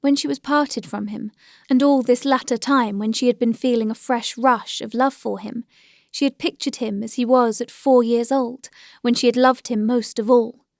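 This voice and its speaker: A woman narrating a classic novel as an audiobook, in a measured, gentle storytelling manner. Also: fairly high pitch, steady tone, dry recording, clean studio sound.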